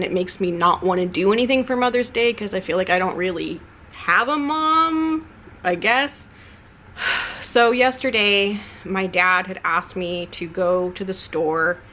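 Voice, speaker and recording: Lower-voiced woman confiding candidly. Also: sharp tone, a little hiss or hum. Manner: rambling, confessional, subdued. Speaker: YouTuber. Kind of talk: candid personal vlog.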